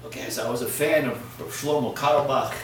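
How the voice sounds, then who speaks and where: A man giving a sermon as a rabbi, telling a story, swinging from hushed asides to loud, emphatic peaks. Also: medium pitch, fast, a little hiss or hum. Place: lecture hall. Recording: echoey hall, from far off.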